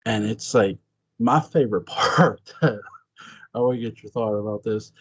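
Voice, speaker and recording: A man chatting casually as a podcast host, excitable and swearing freely, his voice jumping up high when he exclaims. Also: a little slow, breathy edge, lo-fi sound. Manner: swears freely, laughs often. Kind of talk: casual chat.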